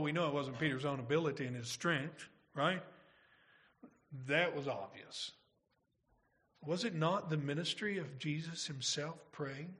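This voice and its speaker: Male pastor, high bright voice, earnest preaching with rhetorical questions. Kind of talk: sermon.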